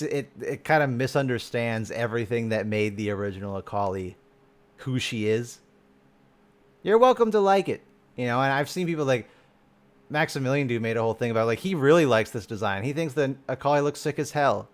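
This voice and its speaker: Reacting to a game on his live stream, this man talks fairly quickly at a medium pitch. He's excitable and foul-mouthed in casual chat, frequently trailing off and restarting.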